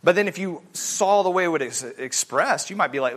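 A man teaching a family Bible study in a casual, animated way, acting out the voices he quotes. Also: sits high, brisk, hardly any pauses.

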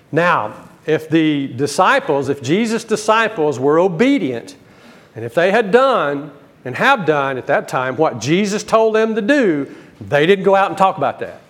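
A man preaching a Bible teaching sermon, emphatic, rising to stress key words and dropping low between them.

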